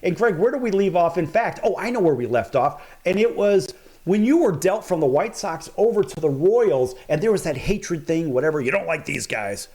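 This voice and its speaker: A man hosting a live sports talk broadcast, enthusiastic and quick to laugh at his guest's stories. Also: high-pitched, lively intonation, a little mellow. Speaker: talk show host.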